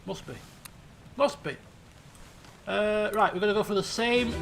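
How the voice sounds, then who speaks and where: A man's voice: sits high, measured pace, creaky, pauses often, a bit bright, faint music behind. A man streaming a game, thinking aloud in casual commentary and repeating himself as he works things out. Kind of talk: casual let's-play commentary.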